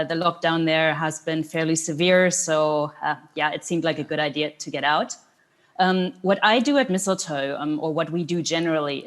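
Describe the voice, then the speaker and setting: A woman speaking as a panelist on a video call, relaxed and conversational with frequent ums. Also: low voice. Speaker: panelist, network director. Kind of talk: panel talk.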